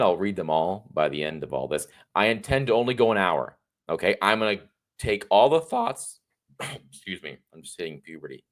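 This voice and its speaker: A man's voice: low-pitched, fairly bright tone. A man in his thirties hosting a livestream, talking off the cuff in a rambling, joking way. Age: 30s. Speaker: livestream host. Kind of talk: unscripted livestream commentary.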